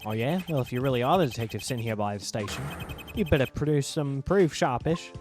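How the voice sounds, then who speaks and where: A man's voice: mid-range voice, lively intonation, brisk, over music, natural voice. A man with a put-on Australian accent voicing a smug, teasing young male detective.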